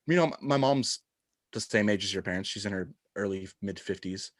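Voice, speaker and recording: A man's voice: on the low side, fast. A young man tells stories with animation, jumping into the voices of the people he quotes. His voice sounds dry and close, with no room echo, as he chats casually with a co-host. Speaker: podcast co-host. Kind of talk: casual chat.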